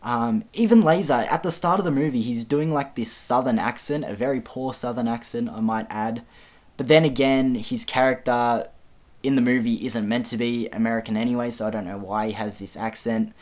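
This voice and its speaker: A man's voice: mid-range voice, moderate pace, a little mellow. A man giving a casual film review, speaking frankly with frequent ums and casual swearing.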